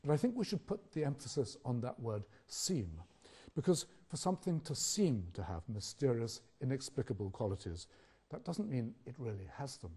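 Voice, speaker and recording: An older British lecturer addresses a public audience, measured and probing, pausing for rhetorical effect. His mid-range voice is dark and husky, with a sing-song lilt.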